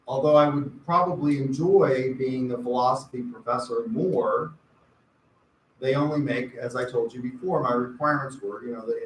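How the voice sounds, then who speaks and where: A man's voice: fairly high pitch, a bit bright. A male college lecturer giving a conversational classroom lecture with wry, rambling asides. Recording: echoey classroom from far off, faint hiss.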